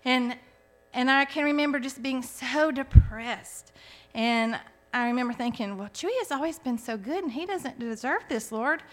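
A woman's voice: high-pitched, normal speed. A woman in her forties giving a heartfelt personal faith testimony, telling her story earnestly with frequent restarts. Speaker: testimony speaker.

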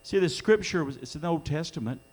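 A man's voice: on the high side, expressive, fast talker, darkish tone. A middle-aged man preaching a sermon in a church, earnest, his voice swelling when he quotes scripture. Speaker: pastor. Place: church sanctuary during a live-streamed service.

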